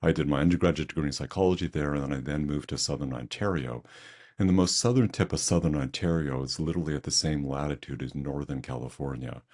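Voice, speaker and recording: Older male presenter, very deep voice, conversational storyteller. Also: fast talker, a little mellow. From Canada. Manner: conversational, self-deprecating storyteller. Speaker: webinar presenter.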